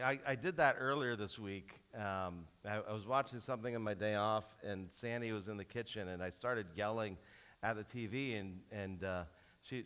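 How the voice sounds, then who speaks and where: Male pastor, middle-aged, lively storytelling sermon, bright forceful tone, frequent restarts. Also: on the low side, moderate pace, clear, resonant tone. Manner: animated storytelling with many restarts.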